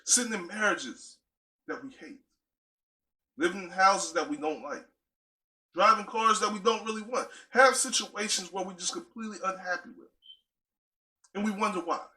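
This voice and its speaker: Casual emphatic guy giving a motivational talk, bright voice, a bit high. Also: moderate pace, pauses often. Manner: emphatic, repetitive, conversational. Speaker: motivational speaker.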